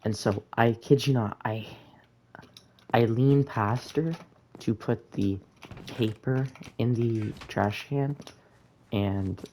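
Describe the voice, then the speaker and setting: Young man, gravelly voice, slow rambling storytime, casual slang, laid-back. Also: on the low side, warm tone, a little hiss or hum. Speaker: gaming storyteller. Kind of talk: casual storytime narration over gameplay.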